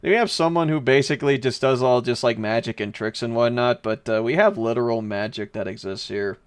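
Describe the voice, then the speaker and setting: A man's voice: mid-range voice, brisk, clear, resonant tone. Sweary joking male streamer. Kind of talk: live game commentary.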